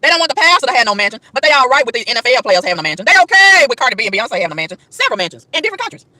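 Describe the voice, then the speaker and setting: A woman preaching hard in a high, bright voice, her pitch leaping all over as she rattles through rhetorical questions at breakneck speed. She repeats and stumbles over words in her hurry, recorded outside with a dry, close sound. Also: sing-song, very fast, no echo. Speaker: vlogger. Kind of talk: preachy street rant to camera. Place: outdoors in a park.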